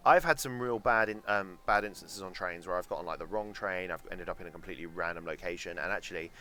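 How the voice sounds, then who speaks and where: A man's voice: sits low, fast, bright, forceful tone. A young man with a London accent, chatting casually and swearing freely while streaming a game and answering chat. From England.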